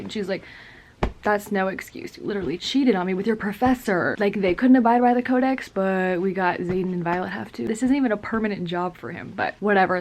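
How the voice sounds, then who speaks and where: Young woman book vlogger, casual gushing recap, mid pitch, faint noise behind. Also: a little mellow. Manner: chatty, gushing, full of "like" and quick voiced asides.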